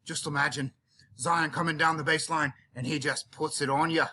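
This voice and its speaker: A man with a cold plays a hammy safari guide for a classroom video, scattering Aussie slang through his patter. His voice sits a little high and comes out bright and forceful. There is a faint hiss behind him. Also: fairly even intonation, a little fast. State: has a cold. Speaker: teacher hosting a mock safari. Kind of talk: playful mock nature-documentary narration.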